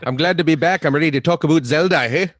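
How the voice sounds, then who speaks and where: A man's voice: fairly high pitch, fast talker, dry recording, natural voice. A man putting on a hammy mock Canadian accent for a joke on a podcast, tacking "eh" onto his lines. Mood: teasing.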